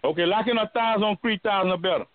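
A man's voice: sits high, very fast, dry recording. A man haggling over a race bet, boastful and profane, on a call. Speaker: street racer negotiating a bet. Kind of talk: trash-talk phone call. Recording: tinny phone line.

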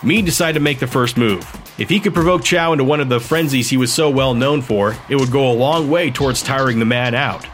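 A man's voice: medium pitch, brisk, few pauses, faint music behind. Man narrating a sci-fi audiobook. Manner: steady, even storytelling. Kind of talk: scripted narration.

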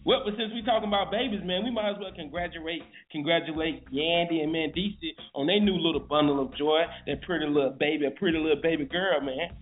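A man's voice: on the high side, fast, few pauses, slight background noise. Slangy male morning show host. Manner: loose, slangy, joking. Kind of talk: casual morning show banter. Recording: tinny phone-like lo-fi audio.

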